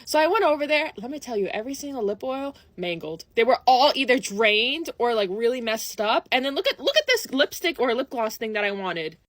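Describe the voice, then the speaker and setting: Animated young woman telling a story. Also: a little high, a little fast, few pauses, no room sound. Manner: animated, acts out dialogue, dramatic swings between loud and hushed. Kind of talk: story time vlog.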